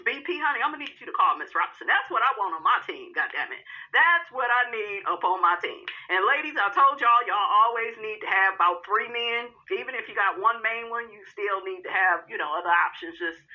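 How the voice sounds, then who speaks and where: A woman giving loud, sassy, profane recap commentary on a reality show, calling the viewer honey and child as she goes. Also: mid-range voice, muffled recording.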